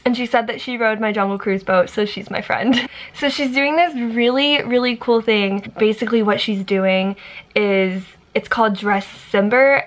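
A woman's voice: a little high, a bit bright. A young woman in her twenties talking casually to camera in her vlog, emotional and gushing, laughing between thanks. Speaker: vlogger.

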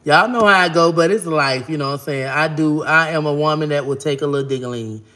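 A woman vlogging casually to camera, talking bluntly and brashly, cursing freely, with an animated, expressive delivery. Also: deep voice, a little fast.

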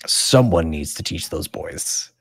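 Man playing a gruff guard captain. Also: low-pitched, expressive, slow pace, a bit bright, voice pushed down, exaggerated voice. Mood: brusque.

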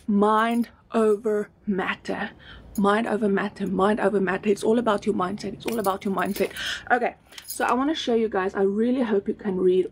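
A South African woman doing a live-streamed sales pitch for an online business. She is emphatic, repeats words over and over, and sounds slightly out of breath. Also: slight background noise.

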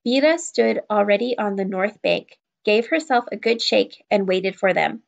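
A woman reading a children's novel aloud in a steady, even storytelling voice. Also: medium pitch, normal speed, gravelly, highs cut off. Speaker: children's book reader. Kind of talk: read-aloud narration.

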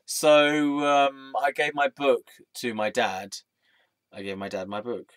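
A man's voice: medium pitch, little pitch movement, slow pace, clean tone, dry recording. Young man, vlog monologue, scattered and giggly, swears, loses his thread, dry voice with no room sound. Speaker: vlogger. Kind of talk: rambling stream-of-consciousness monologue.

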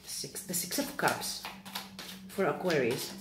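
A woman giving a casual tarot reading to camera. She is excitable and keeps checking in with "okay?". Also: low voice, slow pace, reverberant, background noise. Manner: excitable, repeats "okay?" often. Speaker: tarot reader.

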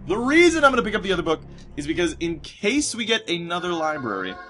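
A man's voice: high-pitched, very animated, quick pace, over music. A man giving casual gameplay commentary, rambling and self-mocking, cursing at the game and slipping into a put-on British accent at times. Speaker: let's play commentator.

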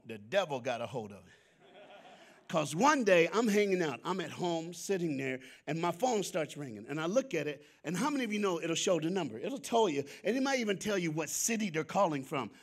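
A man preaching to a church congregation, telling a story in casual, slangy speech that swings between loud bursts and quiet asides and leads call-and-response. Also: a little high. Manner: lively storyteller with sudden shifts between loud and soft, chuckling. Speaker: guest speaker at a church.

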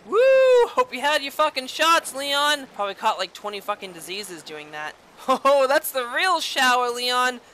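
Sharp, high-voiced woman, let's-play host, foul-mouthed and sarcastic, yelps at jump scares. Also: sing-song, normal speed, slight background noise. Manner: profane, sarcastic running commentary; loud startled outbursts and taunting. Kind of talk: casual gameplay commentary.

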